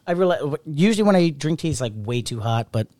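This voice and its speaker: A man's voice: fairly high pitch, lively intonation, fast, darkish tone, no echo. A man co-hosting a podcast, casually chatting and telling stories about his work as a restaurant server, laughing often. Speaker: podcast co-host. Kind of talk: casual chat.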